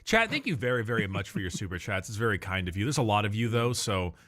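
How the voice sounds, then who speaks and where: Lively bright-voiced man chatting on stream. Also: on the low side, fast, soft background music. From Southern California. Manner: rambling, restarts, reads chat messages aloud. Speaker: co-host of a livestream. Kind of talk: casual livestream chat, reading donations.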